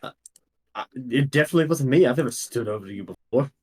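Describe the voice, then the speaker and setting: A man voicing a frightened young man who shouts in panic and keeps people away. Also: mid-range voice, expressive, fast talker, natural voice. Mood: flustered. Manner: shouting, jumpy.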